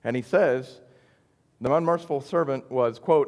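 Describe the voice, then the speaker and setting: A man's voice: medium pitch, moderate pace, darkish tone, big-room sound. A man teaching an adult Bible study in a conversational, earnest way, often checking in with "right?". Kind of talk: church Bible study lesson.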